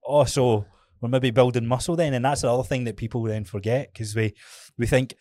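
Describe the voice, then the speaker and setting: A man's voice: medium pitch, steady tone, fairly quick, dark tone, no room sound. A man with a Scottish accent, a fitness coach co-hosting a casual podcast, talking frankly, swearing often and acting out his own stories.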